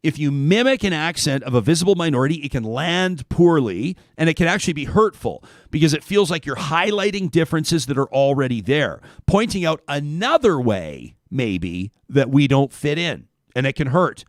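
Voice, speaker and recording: A man hosting a talk radio show, reading listener emails aloud and then thinking aloud with halting restarts. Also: fairly high pitch, animated, dry recording. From Canada.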